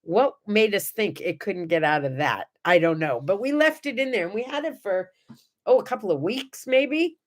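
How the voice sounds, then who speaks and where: A middle-aged woman hosting a morning show, chatting to viewers and telling animated stories. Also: mid-range voice, normal speed. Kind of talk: casual chat and storytelling.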